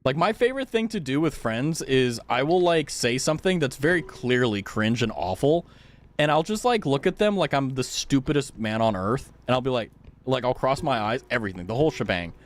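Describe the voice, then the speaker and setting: A man's voice: mid-range voice, expressive, fairly quick. A man streaming a game, chatting casually and joking at his own expense. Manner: joking, rambling, self-mocking. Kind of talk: casual chat.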